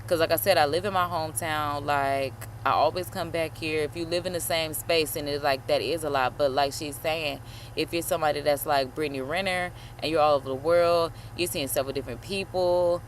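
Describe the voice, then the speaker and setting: A woman host chatting casually while reacting to a video, animated and slangy, swearing and calling listeners honey. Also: sits low, brisk, slight background noise. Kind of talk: casual chat.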